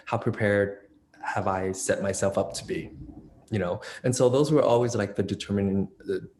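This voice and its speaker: A man's voice: lowish voice, normal speed, darkish tone, slight background noise. A man in his thirties speaking as an interview guest, talking casually with many fillers and restarts. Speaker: interview guest, dance choreographer. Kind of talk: conversational interview.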